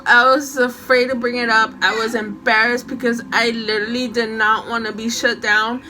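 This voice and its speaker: A young woman casually telling a story from her school days, animated and often laughing. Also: on the high side, moderate pace, few pauses, low-quality recording.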